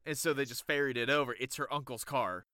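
A man co-hosting a podcast in casual chat, rambling and searching for words as he pitches ideas. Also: fairly even intonation, quick pace, bright, forceful tone, dry recording, studio quality. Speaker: podcast co-host.

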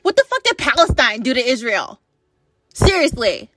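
A high-pitched young woman from the United States vents her fury straight into the camera. She swears freely and keeps asking heated rhetorical questions. Her voice sounds close and dry, with no room echo. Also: sing-song, a bit bright, faint music behind. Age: late 20s. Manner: furious, profane, rapid-fire rhetorical questions. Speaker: vlogger. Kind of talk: angry political rant to camera.

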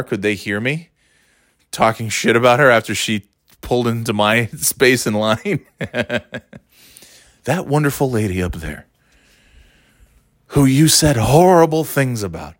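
A man's voice: lowish voice, no room sound, studio quality. A man telling a casual, swear-laden anecdote, tired and exasperated, with mocking asides. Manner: animated, swearing, mocking voices in quotes. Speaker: storyteller.

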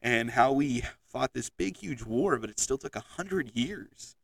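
A man's voice: medium pitch, expressive, unhurried, creaky, no echo, far from the mic, rough recording. A man hosting his own podcast in a casual monologue, chatty and full of ums, speaking into a headset mic. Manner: chatty, many ums and restarts. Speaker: podcast host and teacher. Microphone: headset microphone.

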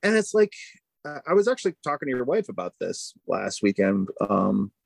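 A man's voice: mid-range voice, very animated, moderate pace, creaky, breathy edge, no room sound. A man co-hosting a podcast, chatting casually and rambling with many fillers. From Boston area. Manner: rambling, lots of "like" and "you know". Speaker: podcast co-host. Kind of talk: casual chat.

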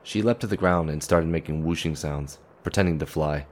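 Male narrator, extremely deep, measured scripted delivery. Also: a little hiss or hum. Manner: measured storytelling.

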